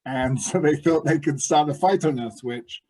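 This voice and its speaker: Man, tabletop player, dry wry jokes, slightly high voice. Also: normal speed, warm tone. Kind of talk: casual chat at a tabletop game.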